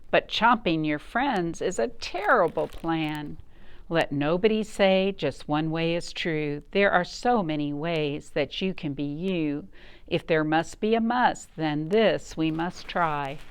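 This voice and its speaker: A woman reading aloud and voicing a gentle male lion in a picture book, speaking earnestly and firmly. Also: low-pitched, slow, clean tone.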